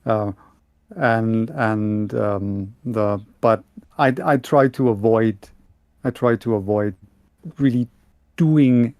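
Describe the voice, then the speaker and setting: A man from Germany with a Bavarian German accent, chatting casually as a podcast co-host, halting and restarting often. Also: fairly low pitch, darkish tone, dry recording, clean studio sound. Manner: halting, many restarts and repeated words. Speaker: podcast co-host and audiobook narrator. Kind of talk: casual chat.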